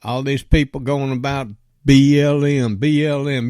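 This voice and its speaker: A man's voice: medium pitch, level tone, a little slow, darkish tone, smooth, no echo, clean studio sound. A man delivering an angry, profane rant that he aims straight at a politician. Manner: blunt and profane, addresses a politician directly.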